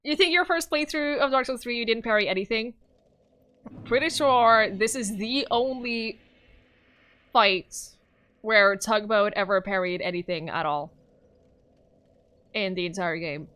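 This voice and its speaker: A woman's voice: on the high side, unhurried, pauses often, sharp tone, clear, resonant tone. A woman streaming a game live, talking playfully to chat, laughing often and yelping whenever her character gets hit. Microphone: microphone in front of her face.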